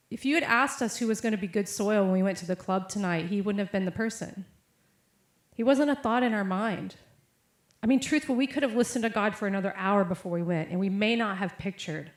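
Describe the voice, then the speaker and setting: Young adult woman, chatty preacher with storytelling style; echoey hall. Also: medium pitch. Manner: casual storytelling with many fillers and quoted voices. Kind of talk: sermon with personal story. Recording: echoey room.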